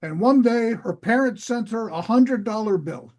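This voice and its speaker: An older man with a husky voice, telling jokes in a chatty storytelling way. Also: high voice, lively intonation, normal speed, a little mellow. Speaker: comedy show regular.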